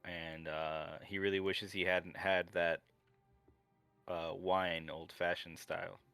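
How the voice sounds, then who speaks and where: Bright-voiced man playing a tabletop game. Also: sits low, flat delivery, creaky, clean tone, no room sound, faint music behind. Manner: playful, halting. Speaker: player.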